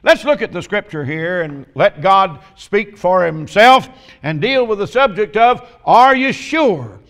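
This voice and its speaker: A man delivers a sermon in a fairly high voice. He opens with folksy, joking stories, then turns to scripture and leans on slow, emphatic questions. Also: expressive, a bit bright. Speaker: preacher.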